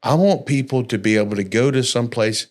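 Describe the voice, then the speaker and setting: Laid-back pastor, folksy. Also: male voice, mid-range voice, brisk. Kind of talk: casual church podcast chat.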